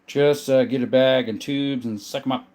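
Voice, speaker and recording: Chatting casually on a livestream, a southern Arizona gun collector in his thirties reads comments, says hello to viewers by name and shows his collection. He speaks at normal speed with a medium-pitched, darkish voice and fairly even intonation.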